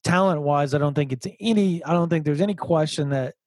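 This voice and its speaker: A man's voice: a little high, brisk, darkish tone, dry recording. A man hosting a casual sports podcast, chatty and often repeating words as he laughs his way through a point. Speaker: podcast host.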